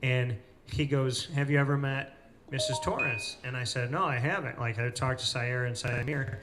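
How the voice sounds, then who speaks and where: A man hosting a casual interview in a cafe, telling stories with lively retellings of what people said. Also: medium pitch, normal speed, noisy background. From Central New York. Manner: animated storyteller, acts out quoted people. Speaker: host.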